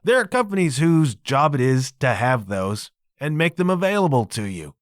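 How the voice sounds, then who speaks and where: A man's voice: a little high, big pitch swings, normal speed, dry recording, studio quality. A man in his fifties hosting a solo podcast, talking casually and chattily with frequent asides to his listeners. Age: 50s. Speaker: podcast host.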